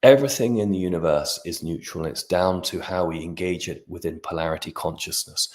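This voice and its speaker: A middle-aged man, a guest astrologer on a video-call interview, talking in an expansive, animated way with frequent restarts. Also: low-pitched, a little fast. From Britain. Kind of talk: podcast interview.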